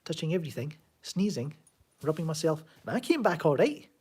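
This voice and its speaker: This Scottish man from Glasgow rambles sardonically on a home live stream, reading out and responding to chat. He speaks fairly quickly in a fairly high, husky, slightly mellow voice with big pitch swings.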